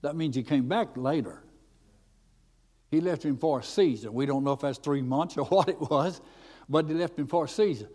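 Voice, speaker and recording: A man preaching a storytelling sermon in a folksy, animated way, with many fillers and restarts. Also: a little high, normal speed. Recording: echoey hall.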